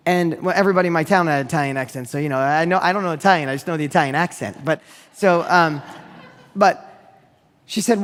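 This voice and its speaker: A man's voice: fairly high pitch, fast talker, a bit bright, in a large hall. A man giving a motivational business talk, telling a story in an emphatic way that repeats phrases for effect. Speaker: business speaker.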